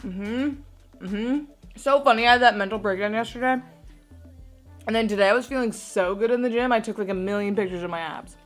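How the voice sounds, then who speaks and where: A woman's voice: mid-range voice, fast, soft background music. A young woman vlogging in a casual, chatty way, leaning on "like" a lot, first at home and later at a gym. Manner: chatty, bubbly, says "like" often. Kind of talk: casual vlog chat.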